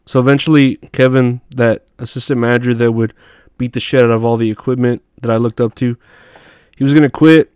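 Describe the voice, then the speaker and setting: A man spins loose, profanity-laced stories in an offhand monologue, laughing at his own punchlines. His voice comes across smooth and clean, with a dry, close sound and no room around it. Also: mid-range voice, fairly even intonation, fairly quick, darkish tone, no room sound. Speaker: podcast host. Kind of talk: casual storytelling monologue.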